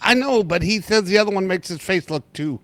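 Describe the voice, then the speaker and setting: A man's voice: high-pitched, animated, fairly quick, a bit bright, no echo. A man co-hosting a casual podcast from home, teasing the others and laughing often. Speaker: podcast co-host, trucker. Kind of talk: casual chat.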